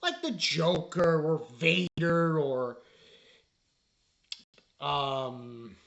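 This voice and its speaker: A man reviewing an anime episode in a casual spoken style, exasperated and rambling, halting on fillers. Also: fairly high pitch, lively intonation, creaky, fairly bright tone, dull audio.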